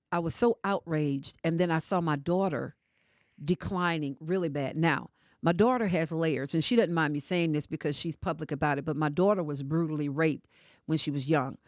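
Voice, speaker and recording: A woman's voice: low-pitched, dry recording. Older woman, podcast guest, emphatic storyteller, dry studio sound. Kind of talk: emotional casual conversation.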